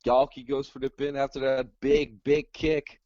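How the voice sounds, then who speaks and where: A man's voice: mid-range voice, flat delivery, moderate pace, muffled recording. A man doing color commentary on wrestling, playful and jokey with his partner.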